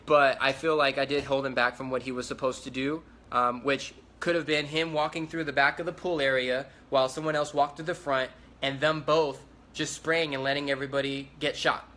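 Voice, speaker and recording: Young man with a bright, forceful voice. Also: medium pitch, flat delivery, fairly quick, few pauses. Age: young adult. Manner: rambling, repetitive, urgent retelling. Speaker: eyewitness. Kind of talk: casual livestream account. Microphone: phone livestream.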